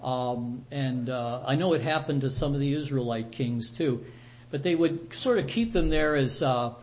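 A man's voice: medium pitch, moderate pace, darkish tone. A man teaching a Bible study, retelling the passage in a conversational way with asides to his group.

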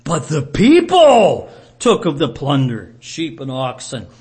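Man reading as a boastful old-world king who justifies himself at length, in a voice that jumps higher and louder than his usual talk. He insists on his own case with a lively, rising delivery. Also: takes it slowly, exaggerated voice. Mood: indignant. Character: ancient male king, proud and defensive.

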